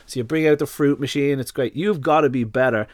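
Irish male guest, rapid and lively storyteller, blunt and earthy, dry close sound. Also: medium pitch, no room sound. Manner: animated storyteller who acts out little scenes. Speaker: dog nutritionist guest. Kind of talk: casual podcast chat.

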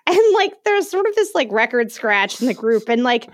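A woman co-hosting a podcast, telling an animated story in casual chat and laughing often. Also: a little high, moderate pace, dry recording, studio quality. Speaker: podcast co-host.

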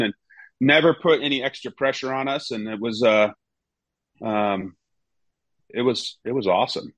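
A man with a lowish voice and moderate pace recounts his goalkeeping days in a casual interview, bringing his coaches to life in a raised voice. The recording is dry and rough.

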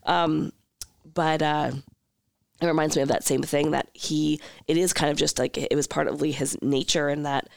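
A man's voice: on the high side, level tone, normal speed, creaky, no room sound, studio quality. A man co-hosting a podcast, chatting casually and searching for his words with many fillers. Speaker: podcast co-host. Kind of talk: casual conversation.

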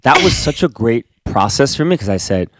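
Background noise sits under this pastor's brisk, mid-range voice as he talks earnestly in a relaxed conversation. He tells animated stories, restarting many times along the way.

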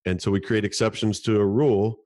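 A man with a low voice explains ideas in casual podcast chat. He often repeats a word while he finds his next thought. The recording is dry and close-miked. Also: level tone, a little fast, darkish tone, dry recording. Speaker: podcast co-host.

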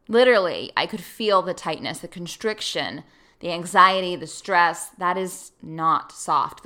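Woman podcast host, solo casual storytelling, bright and clear tone, animated, voices her own inner thoughts. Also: medium pitch. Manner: animated, acts out her own past thoughts, laughs easily.

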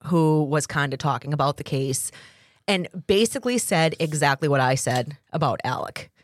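A woman co-hosting a casual podcast. She agrees often and chimes in with quick replies. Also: low voice, lively intonation, no echo, clean studio sound. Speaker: podcast co-host. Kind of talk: casual chat.

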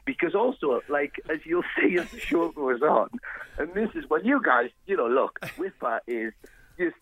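A man telling stories in a casual radio chat, animated and full of restarts. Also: on the high side, moderate pace, breathy edge, dry recording, rough recording. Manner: animated storyteller, many restarts. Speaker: guest contestant.

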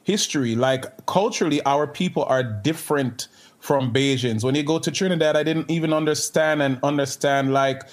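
A man with a Jamaican accent, a podcast guest in casual chat, animated and full of restarts. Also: fairly high pitch, moderate pace. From Canada.

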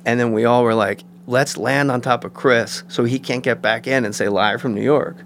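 A man's voice: mid-range voice, moderate pace, slight background noise. A man, a guest comedian, telling anecdotes in casual chat and slipping into voices. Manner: animated anecdotes with put-on voices.

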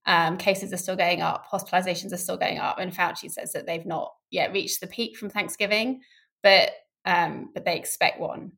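Woman with a creaky voice. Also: fairly low pitch, moderate pace. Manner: candid, animated, laughs easily. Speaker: scientist guest. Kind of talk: casual explanatory conversation.

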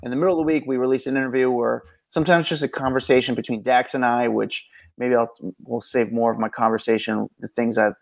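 A man co-hosting a celebrity news podcast in a rambling, animated casual chat, often correcting himself. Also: mid-range voice, fast, creaky. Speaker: co-host and street reporter.

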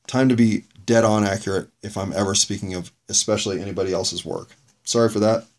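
Low-voiced man musing, self-critical. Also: steady tone, fairly quick, darkish tone. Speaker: podcast host reviewing his own episodes. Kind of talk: reflective solo monologue.

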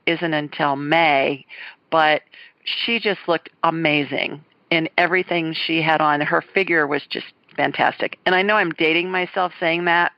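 A woman's voice: fairly low pitch, no echo. A middle-aged woman, hosting a call-in show and chatting enthusiastically about her week. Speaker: host. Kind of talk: casual chat. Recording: dull lo-fi sound.

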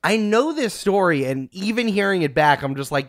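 A man's voice: high voice, animated, normal speed, no echo, studio quality. A man co-hosting a casual sports podcast, joking around and putting on silly voices. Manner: jokey, puts on silly voices.

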